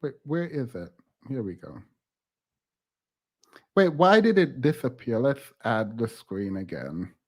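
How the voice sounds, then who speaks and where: A man's voice: mid-range voice, sing-song, slow, pauses often, darkish tone. A man hosting reaction commentary, blunt and critical, with scoffing asides as he plays and judges clips. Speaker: host.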